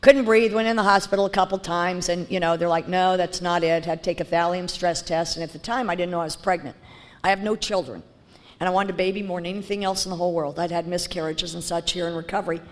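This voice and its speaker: A woman's voice: fairly low pitch, steady tone, fast. A woman speaking bluntly and candidly as she shares her recovery story, with frequent fillers and restarts. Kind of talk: personal testimony talk.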